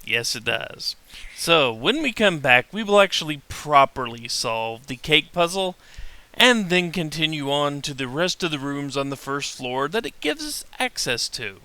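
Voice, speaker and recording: A man's voice: a little high, unhurried, smooth, dry recording. Easygoing man giving game commentary. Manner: relaxed, explains step by step. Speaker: let's play host. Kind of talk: casual gameplay commentary. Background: game music.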